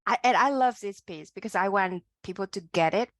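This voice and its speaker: A woman's voice: mid-range voice, a little fast, no echo. A woman hosting an interview, reacting with frequent murmurs and laughs while her guest talks. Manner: lots of listening murmurs, laughs easily. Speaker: host. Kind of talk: casual interview chat.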